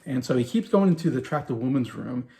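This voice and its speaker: Gravelly rambling man reviewing a show. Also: medium pitch, animated, quick pace, dark tone. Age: around 40. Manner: rambling, loose retelling with many fillers and chuckles. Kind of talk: casual spoken review.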